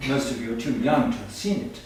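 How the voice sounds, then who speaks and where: A man's voice: mid-range voice, fast talker, darkish tone, a little hiss or hum, close to an everyday voice. A man playing a pompous, boastful male language professor in a stage comedy sketch, heard from far off in an echoey hall. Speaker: comic stage performer.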